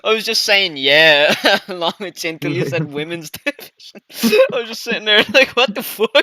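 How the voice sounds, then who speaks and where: A young Dublin Irish man with a bright, tense voice in loose podcast banter. His pitch leaps about, and he giggles and swears easily. The sound is dry and close. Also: lively intonation, fairly quick, dry recording. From Dublin, Ireland. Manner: giggly, laid-back, sweary. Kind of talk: casual chat.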